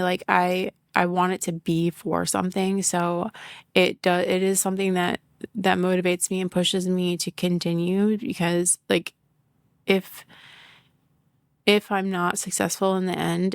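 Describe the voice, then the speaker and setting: A business owner and mother hosts her own podcast, talking candidly and rambling about work and family in a casual monologue full of "like", swearing and laughter. Her voice is lowish and creaky, recorded with studio quality and no room sound.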